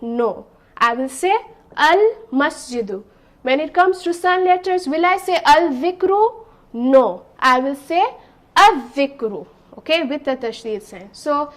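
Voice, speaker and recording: A woman with a high voice gives a beginner's language lesson. She talks slowly and patiently, repeating each point and often checking with "okay?". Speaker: Arabic teacher. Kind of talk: slow classroom explanation.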